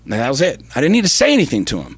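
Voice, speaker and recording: A man's voice: mid-range voice, huge pitch swings, racing, husky, no room sound. A middle-aged man, co-host of a talk show, telling a personal story with intense, profane emphasis that builds to fervor. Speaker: podcast co-host. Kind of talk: casual chat.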